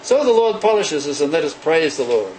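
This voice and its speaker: High, lively-voiced male preacher. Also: a little fast, slight background noise, rough recording. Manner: animated, acts out quoted voices. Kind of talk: sermon.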